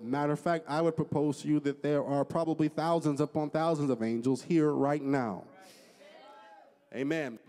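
Pastor preaching in a reverberant church. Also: male voice, a little high. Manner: fervent prayer building to loud shouts; slow, drawn-out scripture reading. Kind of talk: sermon. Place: church sanctuary. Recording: long church hall reverb.

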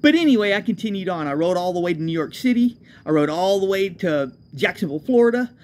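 A man's voice: sits high, lively intonation, quick pace, a little mellow. A man, a homeless traveler, telling his own road story in a loose, profane, self-correcting way. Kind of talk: rambling spoken storytelling.

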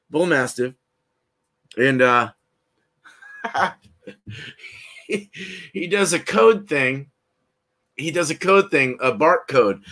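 A laid-back man hosting a casual beer review livestream from his house. His voice is bright and forceful and sits a little high, and he rambles, laughs often and calls out to viewers by name. The talk is loose and unscripted, with plenty of restarts. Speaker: host of a live beer review stream. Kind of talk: casual live-stream chat. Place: at home, indoors.

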